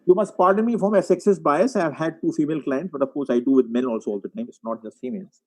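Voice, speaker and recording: A man giving a webinar lecture as a psychiatrist, walking through case examples and often clearing his throat. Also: a little high, quick pace, darkish tone, rough recording. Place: online webinar.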